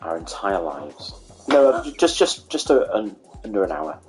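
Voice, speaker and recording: Teasing streamer, lively voice, casual banter over game play. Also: male voice, low voice, moderate pace, faint music behind. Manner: joking, teasing and playful. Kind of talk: casual gaming stream chat.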